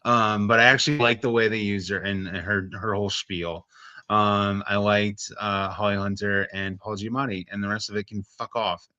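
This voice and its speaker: A man's voice: on the low side, fairly even intonation, normal speed, bright, forceful tone, no echo, dull audio. A man co-hosting a podcast in casual chat, blunt and profane, rambling with lots of fillers. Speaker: podcast co-host.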